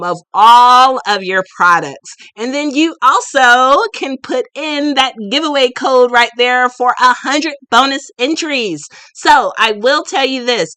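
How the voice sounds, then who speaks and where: A woman's voice: fairly high pitch, bright, forceful tone, no echo. A woman in her late thirties hosting a casual live stream, chatty and goofy, laughing often as she talks to viewers. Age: late 30s. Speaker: livestream host and shop owner.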